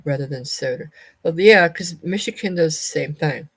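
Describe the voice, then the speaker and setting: A Southern woman chats loosely on a home live stream, rambling from one small topic to the next. Her voice sits a little low for a woman, and her talk stays easygoing and unhurried. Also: breathy edge. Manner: chatty, rambling, calls to her cat in a high voice. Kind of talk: casual live stream chat.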